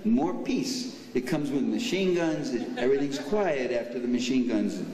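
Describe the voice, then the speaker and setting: A man's voice: medium pitch, expressive, normal speed, background noise. Older man giving a sarcastic speech in a hall. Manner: sarcastic, mocking asides. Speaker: speaker at a banquet. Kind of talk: political speech. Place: banquet hall. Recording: echoey hall from far off.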